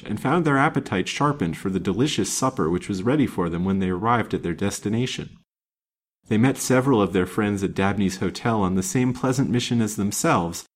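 Sex: male. Role: storyteller. Style: reading a classic novel aloud. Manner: steady, measured. Pitch: low.

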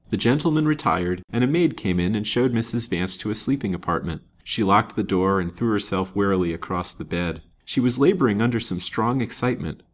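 A man with a very low voice narrates an old serial novel. He reads in a measured, dramatic storybook style. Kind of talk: storybook reading.

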